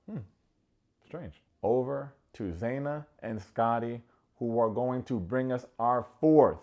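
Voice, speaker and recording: A man hosting a comedic TV recap, sarcastic and quick to mock. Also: big pitch swings, highs cut off. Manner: sarcastic, acts out quotes in high mocking voices. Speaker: recap show host.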